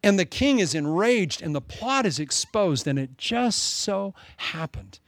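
A male pastor preaching a sermon with animated, dramatic storytelling. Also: sits high, a little slow, no echo.

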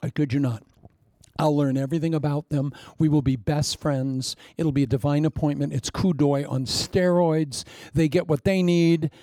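A man's voice: fairly high pitch, fairly even intonation, moderate pace, mellow, no room sound. An older man preaching as a pastor, telling humorous stories with a jokey, self-mocking manner and acting out quotes. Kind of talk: humorous storytelling sermon.

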